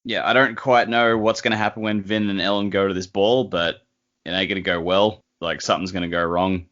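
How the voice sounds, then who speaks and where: Podcast co-host, man, very low bright voice, loose and jokey. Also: a little fast, highs cut off. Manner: joking, animated theorizing. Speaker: book club podcast co-host. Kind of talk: casual discussion.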